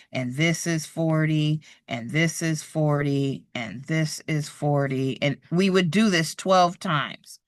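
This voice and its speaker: In a live online lesson, a woman teaches math for the real estate exam, working through problems aloud with patience and encouragement and thinking out loud as she draws. Her voice sits fairly low, and the studio sound is clean with no echo.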